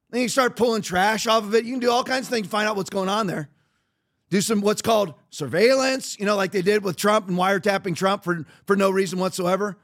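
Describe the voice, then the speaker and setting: A middle-aged man with a high-pitched voice hosts a podcast, delivering political commentary. He talks in an emphatic, repetitive way, leaning on sarcasm to make his points. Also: a bit bright. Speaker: podcast host.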